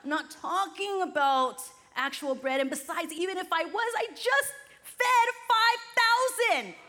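A woman preacher voicing an exasperated Jesus who scolds his worried disciples in a loud, pleading way. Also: very high voice, moderate pace, voice pushed up.

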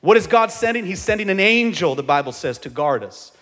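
A male pastor preaching a sermon in a church, calling on the congregation to answer back and rising to shouts at the peaks. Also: high-pitched, very animated, a little fast. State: sweating from exertion. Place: church sanctuary. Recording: live church sound with long reverb.

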